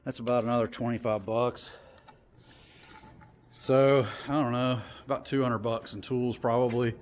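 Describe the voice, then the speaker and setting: In a casual garage how-to video, a car hobbyist shows an engine install, chatting loosely with lots of fillers and out of breath from heavy wrenching. His mid-range voice is a little mellow, has little pitch movement and moves at normal speed, with a faint hiss or hum in the recording.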